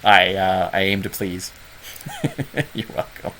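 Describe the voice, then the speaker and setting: In a casual livestream chat, the host of a gaming club's online office hours, a man with a Southern Ontario Canadian accent, rambles, puts himself down, and uses lots of fillers. He speaks slowly in a low-pitched, expressive voice with a fairly bright tone. There's slight background noise on a rough recording.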